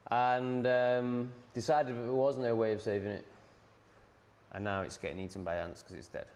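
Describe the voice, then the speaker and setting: A man's voice: medium pitch, fairly even intonation, moderate pace, darkish tone. A man ranting casually at home in a blunt, sardonic way, swearing freely. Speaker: vlogger.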